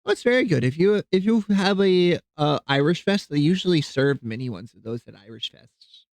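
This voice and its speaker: A man's voice: on the high side, moderate pace, no room sound. A man streaming live, rambling casually to his viewers about cooking, with frequent fillers and restarts. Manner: rambling, easygoing, chatting with viewers while cooking; softens and coos when talking to his cats.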